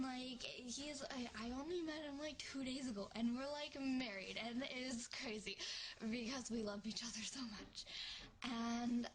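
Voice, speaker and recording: A young woman talks in a giggly, scattered way, jumping from hushed whispers to sudden shouts. Her voice sits a little high. The old webcam video carries a clear hiss of background noise. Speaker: vlogger. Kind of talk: rambling webcam vlog.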